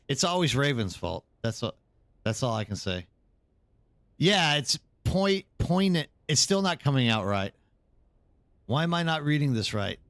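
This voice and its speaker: A man's voice: medium pitch, very animated, unhurried, long pauses, a bit bright, dry recording. A tired man live streaming, chatting casually and rambling as he answers viewers in the chat.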